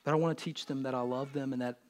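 A man in his thirties preaching a sermon in church, earnest and animated as he speaks directly to the congregation. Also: mid-range voice, fast. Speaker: pastor.

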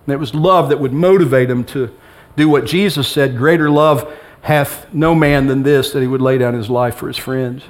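Before a congregation in a church sanctuary, a middle-aged man pastors through a sermon at medium pitch and normal speed. Humor and a conversational style mark his preaching, along with acted-out lines of dialogue.

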